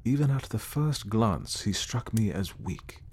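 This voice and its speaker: A man voicing an earnest, reflective gentleman who sincerely recounts meeting a ghost, in an audiobook reading. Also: lowish voice, animated, measured pace, breathy edge. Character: earnest gentleman telling his ghost encounter. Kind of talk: audiobook character voice.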